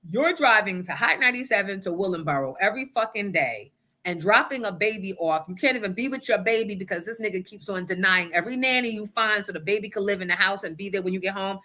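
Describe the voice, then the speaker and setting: A woman's voice: mid-range voice, fast talker, bright, forceful tone. A woman radio host telling a personal story in a brash, profane, emphatic way. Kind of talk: storytelling on a morning show.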